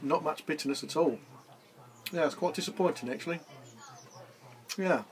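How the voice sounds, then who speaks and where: A man's voice: on the high side, moderate pace. A man casually reviewing a beer in a rambling, easygoing way, tired after gardening. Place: indoors, with garden party music outside. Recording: faint music in the background. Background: music from back garden.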